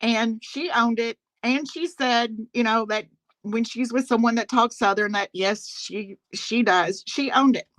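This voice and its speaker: A woman rants through a story on a talk panel, indignant and quick to laugh as she speaks to the host. Her voice is bright and forceful, set a little higher than most women's, and the recording is dry and close. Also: no room sound, low-quality recording. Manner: indignant, laughs often, addresses the host directly. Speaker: guest on a live talk panel. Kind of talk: casual storytelling rant.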